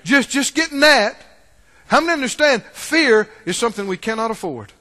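A man preaching a sermon in church, asking the congregation questions and swinging between loud calls and hushed asides. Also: very high voice, lively intonation, normal speed. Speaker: pastor. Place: church sanctuary. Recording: long reverb of a large hall.

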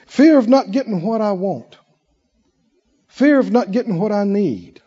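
A man preaching a sermon in an emphatic way, full of rhetorical questions and long drawn-out pauses. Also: high-pitched, expressive, mellow, husky, dull audio. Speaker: pastor.

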